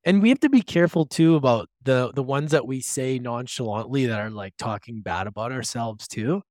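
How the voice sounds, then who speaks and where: A man's voice: mid-range voice, lively intonation, fairly quick, darkish tone, no room sound, studio quality. A man hosting a casual podcast conversation, upbeat and encouraging, with some casual swearing.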